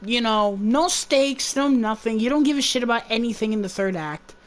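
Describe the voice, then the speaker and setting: A woman's voice: on the high side, animated, normal speed. A woman giving a casual movie review, rambling and swearing in an exasperated rant. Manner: rambling, profane, exasperated ranting.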